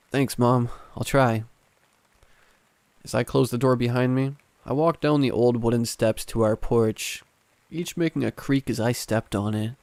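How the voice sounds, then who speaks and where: A man narrating a scripted horror story in a calm, steady first-person way. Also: fairly low pitch, gravelly, no echo.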